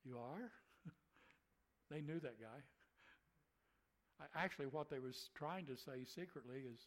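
A man's voice: fairly high pitch, measured pace, fairly bright tone, poor audio. A man, a preacher, telling a story in a folksy way, chuckling and acting out what people said. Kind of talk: telling a personal story in a conversation.

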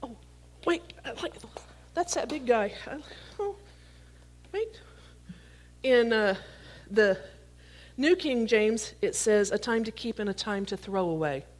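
This woman's voice sits on the high side, and her intonation is lively, though she speaks slowly with long pauses. Reading scripture in a sermon built around a live prop illustration, she talks playfully to the congregation and cracks jokes while catching the props.

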